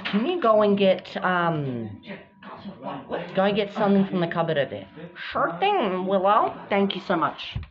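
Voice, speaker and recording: A woman performing the voices of several bickering girls in a home-made doll drama. She jumps quickly between characters, gasping and shouting through the arguments. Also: mid-range voice, big pitch swings, crowd noise. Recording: dull lo-fi home recording.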